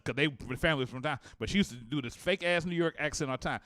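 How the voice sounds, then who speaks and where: A podcast host from Cleveland, Ohio, trading stories and roasting friends in casual banter, laughing often. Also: male voice, mid-range voice, expressive, fast talker, a bit bright, no echo, studio quality. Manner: rowdy storyteller, laughing and roasting.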